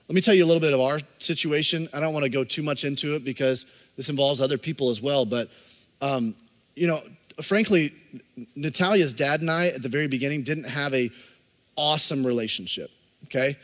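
A man's voice: medium pitch, long reverb tail. A man, a pastor, preaching a sermon with impassioned emphasis and speaking directly to his congregation.

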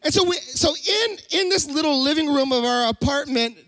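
A middle-aged man preaching a sermon in church, telling a personal story with lively shouts and low asides. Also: normal speed, no echo. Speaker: pastor. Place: church sanctuary.

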